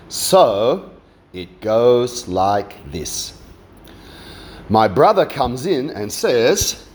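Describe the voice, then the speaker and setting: A man reading a children's poem aloud with slow, expressive pauses. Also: mid-range voice. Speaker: poetry reader.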